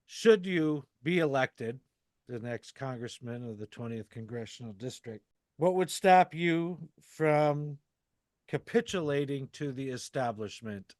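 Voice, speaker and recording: Slow, deliberate male podcast host. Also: medium pitch, darkish tone, no echo. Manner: slow, deliberate questioning with fillers. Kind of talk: interview questions.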